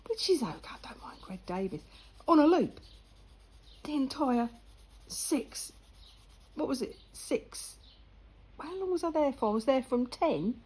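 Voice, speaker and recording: Older woman with a husky voice. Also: high-pitched, low-quality recording. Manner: chatty, laughing anecdotal storyteller. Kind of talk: casual chat while colouring.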